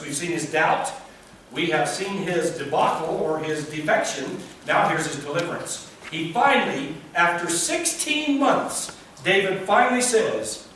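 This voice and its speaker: High-voiced man preaching in an echoey hall. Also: a little hiss or hum. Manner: animated, acts out biblical voices with rising pitch. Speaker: pastor. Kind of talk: sermon. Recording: echoey distant room recording.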